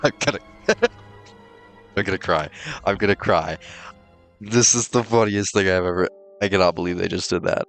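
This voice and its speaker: A man's voice: deep voice, normal speed, pauses often, faint music behind. A man hosting a let's play, reacting with laughs and swearing and reading game dialogue aloud. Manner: excitable, swears, laughs often.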